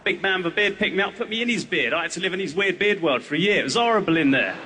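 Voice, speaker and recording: A man's voice: high voice, animated, rapid-fire, sharp tone, breathy edge. A man in his thirties from England, performing a whimsical, rambling surreal stand-up routine on a comedy club stage. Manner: whimsical, rambling, jumping into silly character voices.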